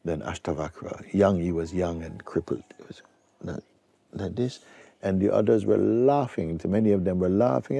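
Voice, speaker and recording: A man giving a spiritual talk to an audience, speaking slowly and reflectively with pauses and restarts. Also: deep voice, creaky, warm tone, husky, dry recording. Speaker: spiritual teacher.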